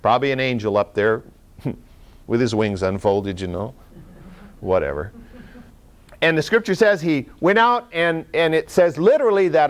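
A man preaching a sermon in a conversational way, with small laughs and restarts, swinging between loud emphasis and quiet asides. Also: mid-range voice, normal speed, long pauses. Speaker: pastor.

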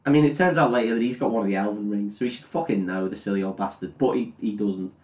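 A man's voice: lowish voice, quick pace, darkish tone. Male podcast co-host, rambling and sweary, roomy echo. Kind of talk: comic plot retelling.

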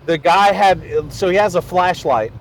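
A man's voice: sits high, expressive, moderate pace, rough recording. A man, a stand-up comedian telling loose, profane stories in casual chat.

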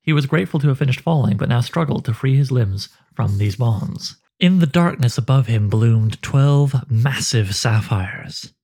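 A man narrating a dark fantasy story in a slow, measured way. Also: medium pitch, husky.

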